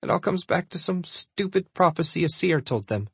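A defiant young woman, as a male narrator puts her on, pitched well above his own husky voice. She speaks in a firm, stubborn audiobook character voice. The recording is dry and close. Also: animated, normal speed, fairly bright tone, no room sound, heavily acted. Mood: resolute. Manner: firm, defiant, rising to outrage. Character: defiant young woman, a fierce shifter princess.

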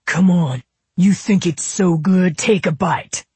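A narrator voicing a volatile, abusive middle-aged father who shouts and accuses in an audiobook. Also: medium pitch, takes it slowly, slightly rough, no room sound. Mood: raging. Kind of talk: audiobook character voice.

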